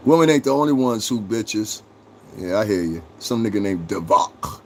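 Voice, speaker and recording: A man's voice: lowish voice, animated, normal speed, slight background noise. A middle-aged man hosting a live stream, ranting and mocking chat viewers in a confrontational, profane way. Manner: confrontational, mocking, swears constantly. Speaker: livestream host.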